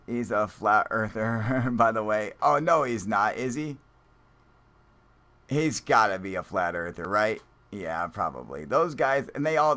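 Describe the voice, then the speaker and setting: A man with a fairly low voice hosts a live stream in a loose, unscripted way. He reads out viewer comments, rambles through his thoughts, and swears freely, often breaking into laughter. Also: pushed and bright.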